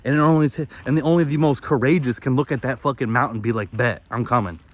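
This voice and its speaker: A man's voice: mid-range voice, fast talker. A young man outdoors in the woods, rambling candidly and profanely through a confessional monologue, often restarting his sentences. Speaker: vlogger.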